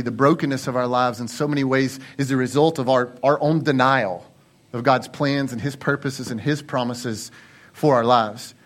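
A male lead pastor preaching a sermon in an earnest, conversational way, repeating phrases for emphasis. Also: mid-range voice.

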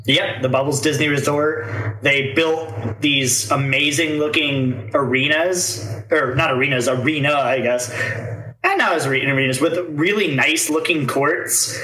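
A man talks casually in a group podcast, wandering through his points with restarts and filler words. His voice is bright and slightly raised in pitch. The room gives it a noticeable echo. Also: measured pace. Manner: rambling, many restarts and fillers.

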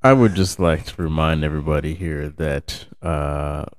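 A man's voice: very deep voice, fairly even intonation, normal speed, no room sound. A man co-hosting a sports podcast, making dry, wry remarks and signing off the show. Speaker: podcast co-host. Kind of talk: casual sports chat.

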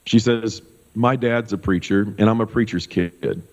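A middle-aged pastor from Kansas telling a personal story in a loose, animated way, full of fillers. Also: male voice, lowish voice, a little slow. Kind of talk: casual storytelling testimony. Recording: dull sound with long hall reverb.

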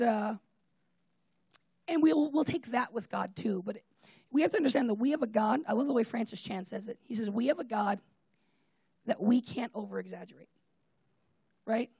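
A preacher giving a casual, conversational sermon with personal stories, talking in an animated way and leaning on "like" and "right?". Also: medium pitch, creaky, slightly rough, no echo. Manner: animated, fillers of "like" and "right?", often laughs.

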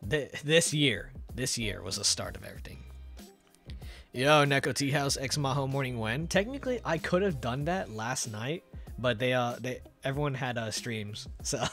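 A man chatting casually on a live stream, animated and giggly, rambling with restarts. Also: medium pitch. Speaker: VTuber streamer.

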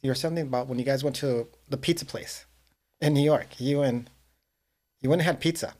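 A man hosting a podcast, talking in a rambling, halting way with frequent laughs. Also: medium pitch, a little mellow. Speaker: podcast host. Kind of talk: casual chat.

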